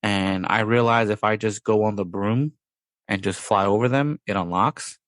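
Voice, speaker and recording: A man's voice: on the low side, moderate pace, a bit bright, dry recording. A man hosting a podcast in casual chat, rambling, with playful sound-effect words. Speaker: podcast host.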